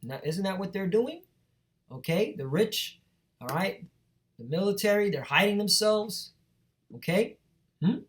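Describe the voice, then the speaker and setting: A street preacher with a high, fairly bright voice and lively intonation teaches from the Bible, speaking a little slowly with long pauses. Emphatic and preachy, he reads verses aloud, checks in with the listener, and keeps repeating "all right?" and "man."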